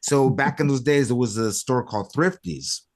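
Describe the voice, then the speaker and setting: A middle-aged man, an audio engineer, telling a lively anecdote and acting out the voices of the people in it. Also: mid-range voice, moderate pace, gravelly. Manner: animated, acts out quoted voices. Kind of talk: storytelling anecdote.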